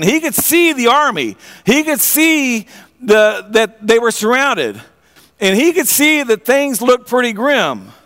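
A man preaching a sermon, retelling a story in an animated way, often restarting his phrases and asking his listeners direct questions. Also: extremely high pitch. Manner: animated storytelling with frequent repeated starts; asks the audience direct questions.

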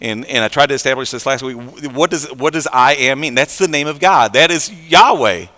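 A pastor preaching a conversational sermon, repeating words and swinging between soft and loud passages. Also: male voice, mid-range voice, brisk, big-room sound.

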